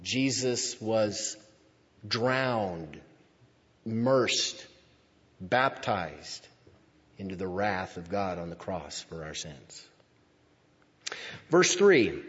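A man preaching a sermon, reading scripture aloud and explaining it in a slow, deliberate way, stretching out key words for emphasis. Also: fairly low pitch, animated, husky. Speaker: pastor. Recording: dull sound with long hall reverb.

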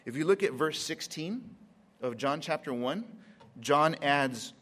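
A man preaching a sermon, drawing words out with dramatic pauses and acting out scenes in quoted voices. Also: fairly high pitch, expressive, fairly bright tone, big-room sound.

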